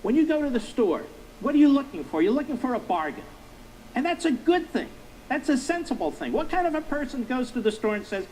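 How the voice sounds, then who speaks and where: A man's voice: very high voice, very animated, brisk, a little mellow, a little hiss or hum, rough recording. A middle-aged man hosting a political commentary monologue, emphatic and repetitive, firing rhetorical questions at his listeners. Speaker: talk show host.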